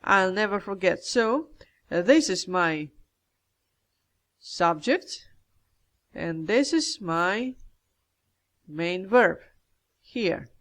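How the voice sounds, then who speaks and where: A teacher walks through a grammar exercise at an unhurried, deliberate pace. Each step is thought through aloud, with small self-corrections along the way. The voice sits in a middle pitch. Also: animated, fairly bright tone. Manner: methodical, talks through each step aloud, addresses viewers as guys.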